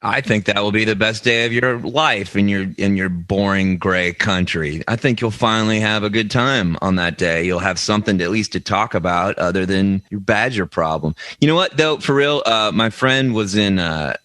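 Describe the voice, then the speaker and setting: A man's voice: on the low side, moderate pace, hardly any pauses, pushed and bright, dry recording. A man co-hosting a comedy news podcast, telling stories in a rambling, self-interrupting way. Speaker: podcast co-host. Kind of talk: comedic banter.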